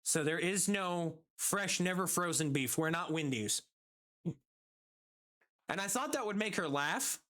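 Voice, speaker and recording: A streamer telling a work story casually, quick and animated, acting out the quotes. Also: medium pitch.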